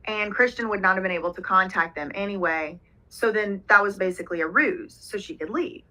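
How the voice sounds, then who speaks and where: A woman's voice: medium pitch, fairly quick, pushed and bright, low-quality recording. A woman hosting a reaction video, casually reading a document aloud and commenting on it with lots of fillers. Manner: conversational, reads documents aloud with frequent fillers. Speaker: reaction channel host.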